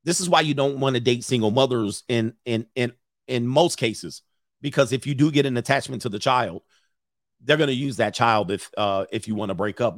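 A man's voice: mid-range voice, moderate pace, no room sound, clean studio sound. A middle-aged man hosting a casual stream, reading viewer comments and giving blunt, rambling opinions.

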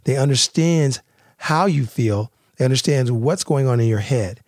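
A man's voice: mid-range voice, normal speed, a little mellow, dry recording, studio quality. A man hosting a casual talk on relationships, speaking in a rambling, conversational way with lots of fillers and restarts. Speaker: podcast host.

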